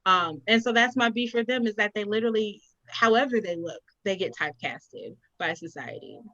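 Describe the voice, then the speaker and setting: A young adult woman hosting a casual talk, telling stories in an animated, expressive way. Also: mid-range voice, moderate pace, dry recording, lo-fi sound. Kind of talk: casual chat.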